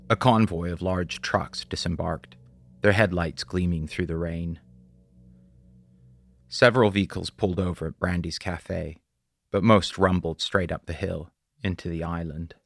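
A man with a very low, gravelly voice reads a story aloud at a measured pace. The sound is dry and close. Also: no echo. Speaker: audiobook narrator. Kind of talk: scripted narration.

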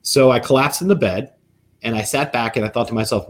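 A man, guest on a podcast, talking as a psychic medium and lawyer, telling stories in an animated, lively way. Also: medium pitch. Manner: animated, quick storyteller. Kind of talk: storytelling in a podcast interview.

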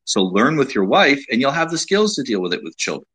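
A man hosting a casual advice talk, speaking in a measured way with frequent restarts and repeated words. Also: mid-range voice, big pitch swings, fairly bright tone, breathy edge, low-quality recording. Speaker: host giving dating advice.

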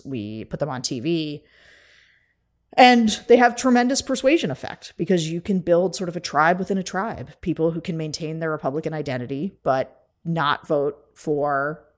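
A woman co-hosting a podcast, talking fast and animated in casual conversation. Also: sits low. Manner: fast, animated, laughing often. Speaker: podcast co-host.

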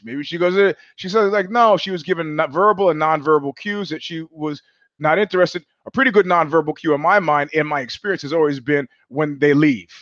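Brief: male host on a livestream, rambling storyteller, voice a bit higher than usual, dry and slightly dull audio. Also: brisk, fairly bright tone, no echo. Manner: rambling storyteller with many restarts and quoted asides. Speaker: show host. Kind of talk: casual livestream monologue.

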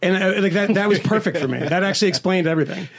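A man's voice: high voice, very fast, creaky. A man hosting a podcast, rambling through casual political talk with lots of hesitant restarts. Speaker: podcast host.

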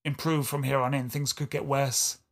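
Man, East Yorkshire accent, gravelly voice, rambling casual podcast chat, self-deprecating. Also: medium pitch, flat delivery, moderate pace. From England. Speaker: podcast co-host.

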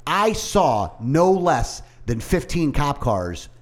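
A man co-hosting a casual talk show, telling a story in an animated way, swearing freely and acting out what others said. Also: fairly high pitch, takes it slowly. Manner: animated storytelling, heavy swearing, acts out quoted voices. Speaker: podcast co-host. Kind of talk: casual chat.

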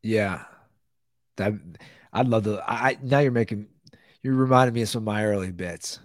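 A man's voice: fairly low pitch, moderate pace, no echo. A male comedian hosting a podcast, telling stories casually with stammering restarts. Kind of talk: casual chat.

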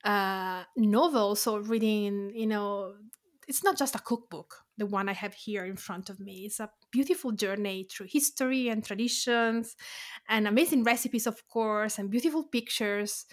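A woman from Tuscany with an Italian accent, hosting a podcast interview in a warm, gently enthusiastic way. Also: medium pitch, normal speed. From Italy, Tuscany. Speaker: podcast host.

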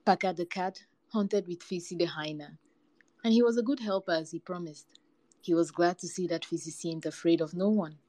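Low-voiced woman reading folktales. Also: moderate pace, no room sound, poor audio. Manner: lively, varied storytelling delivery. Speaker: storyteller.

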